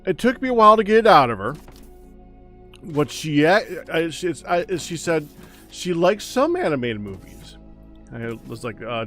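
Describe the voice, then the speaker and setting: A man hosting a stream, chatting casually while gaming, with halting restarts and fillers. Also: on the high side, a bit bright. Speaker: streamer host.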